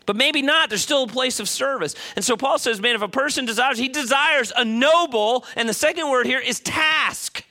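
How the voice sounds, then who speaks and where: A middle-aged man preaching a sermon as a pastor, animated, moving between loud emphasis and quiet asides and acting out voices. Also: very high-pitched, moderate pace, hardly any pauses. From United States.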